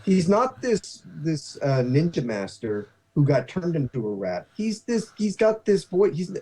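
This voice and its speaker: A man hosting a casual talk show, rambling and halting with many restarts. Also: fairly high pitch, big pitch swings, warm tone, breathy edge. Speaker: podcast host. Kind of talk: casual chat.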